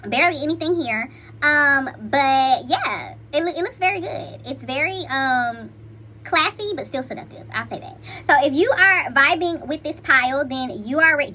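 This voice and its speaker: A woman's voice: high-pitched, animated, moderate pace, bright, forceful tone. A woman hosting a casual tarot reading, talking in a playful, slangy and chatty way to her viewers. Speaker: intuitive card reader.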